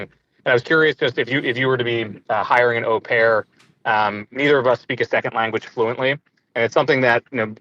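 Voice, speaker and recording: A man's voice: on the low side, fairly bright tone, dry recording, lo-fi sound. A man in his thirties calling in with a question, hesitant with many ums and uhs. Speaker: caller.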